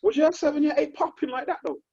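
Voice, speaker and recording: A man's voice: very high-pitched, quick pace, warm tone, muffled recording. A man hosting a casual chat, bantering and swearing freely. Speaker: host. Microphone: video call.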